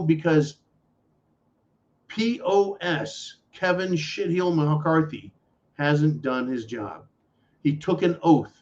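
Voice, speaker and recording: A man's voice: on the high side, darkish tone. A man hosting a political talk show, ranting bluntly with profanity and mockery. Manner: blunt, profane, angry and mocking. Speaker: podcast host. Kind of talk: political commentary rant. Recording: dull lo-fi audio.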